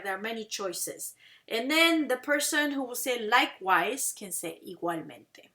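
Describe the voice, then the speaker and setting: Teacher lady, kinda high voice, keeps asking okay? right?, spells out spanish phrases slow. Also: expressive, sharp tone. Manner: explains patiently, asks "okay?" and "right?" to check understanding; says Spanish phrases slowly and clearly to be repeated. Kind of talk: classroom language lesson.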